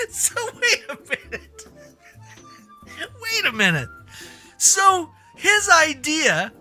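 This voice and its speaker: A man's voice: high voice, sharp tone. A man streaming a casual reaction chat, incredulous, laughing and swearing.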